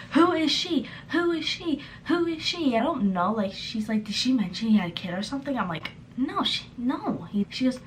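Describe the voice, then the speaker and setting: Young woman, vlogger, storytime tale, animated retelling, medium-pitched voice, faint background hiss. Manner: animated retelling, acting out quoted texts. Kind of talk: storytime vlog.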